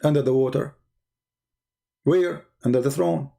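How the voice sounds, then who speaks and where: A man's voice: mid-range voice, unhurried, creaky, warm tone. A man with giving mocking, sarcastic commentary on video clips. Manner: sarcastic, repeats words for effect, non-native phrasing.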